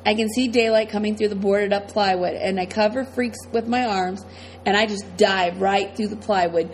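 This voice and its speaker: Casting: woman audiobook narrator, mid pitch, dramatic first-person delivery. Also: fairly even intonation, moderate pace, a little hiss or hum, low-quality recording. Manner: tense, dramatic storytelling.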